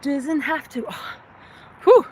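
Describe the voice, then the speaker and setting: A woman live-streaming her outdoor workout, chatting with viewers and counting reps out loud, a little winded at times. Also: sits high, lively intonation, slow. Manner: chatty, reads viewer comments aloud between sets. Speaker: fitness vlogger. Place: outdoors in a city. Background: faint traffic and street noise.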